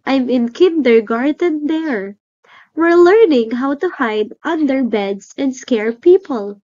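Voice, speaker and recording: A woman voicing a tiny, scared little male monster cub who talks in a squeaky voice. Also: expressive, slow, mellow, highs cut off. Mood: timid squeaky.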